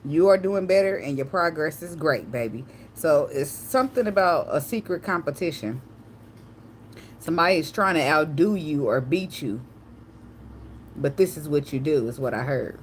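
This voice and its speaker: Woman with aave doing a tarot reading, low voice, talks loose n slangy, bit of hiss behind. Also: expressive, normal speed. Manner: chatty, tangential, slangy, swears and laughs. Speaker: tarot reader. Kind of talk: casual channeled tarot reading.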